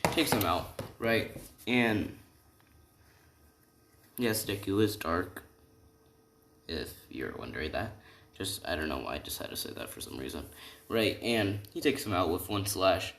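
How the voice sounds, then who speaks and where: A man's voice: low voice, very animated, unhurried, long pauses, a bit bright, roomy sound. A man casually improvising a fan story, rambling, correcting himself and tagging lines with "right?". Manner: rambling, constant "right?" tags and self-corrections; casual, slangy.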